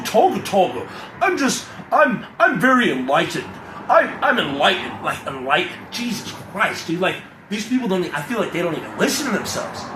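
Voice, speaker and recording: A young man in a casual, profane, rambling rant to his camera, hyped and animated. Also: high-pitched, noisy background. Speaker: vlogger. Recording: echoey room with faint ambience.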